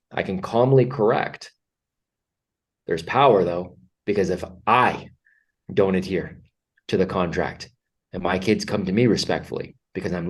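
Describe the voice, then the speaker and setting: Man, middle-aged, very low voice, podcast guest, earnest, reflective, conversational storytelling. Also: a little mellow, breathy edge. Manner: earnest, reflective, frequent fillers and restarts.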